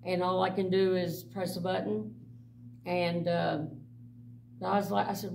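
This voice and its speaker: A middle-aged woman giving a blunt, animated personal testimony to a church group, laughing often as she tells her stories. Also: lowish voice, a little slow, gravelly, long pauses. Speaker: mission director. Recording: distant mic with faint background noise.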